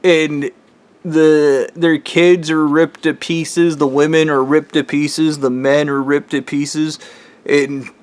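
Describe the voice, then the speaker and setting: A man's voice: fairly high pitch, level tone, slow. A man casually retelling a dream in a rambling way, with constant filler words and swearing. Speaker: vlogger.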